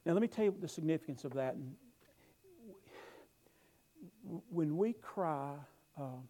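A middle-aged man preaching a sermon, telling stories with emphatic rises and quiet asides. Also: fairly high pitch, animated, fairly quick, rough recording. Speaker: pastor.

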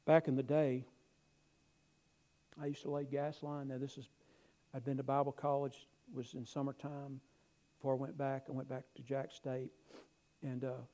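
A middle-aged man preaching a sermon, telling stories with emphatic rises and quiet asides. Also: medium pitch, low-quality recording. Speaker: pastor.

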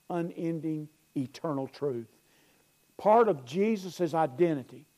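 A man preaching a sermon as pastor, earnest, swelling loud and then dropping low, often repeating and restarting his phrases.

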